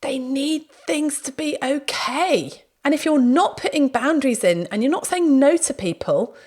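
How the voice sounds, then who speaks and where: A woman hosting a podcast, telling anecdotes in a lively, casual way. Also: sits high, measured pace. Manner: lively storytelling, acts out quoted speech. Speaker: podcast host.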